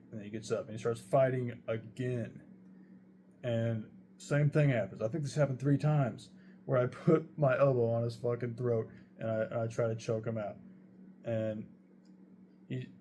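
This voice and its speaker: A man's voice: mid-range voice, mellow, a little hiss or hum. A young man casually telling a true story, rambling and swearing heavily as he goes. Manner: profane, rambling, heavy swearing.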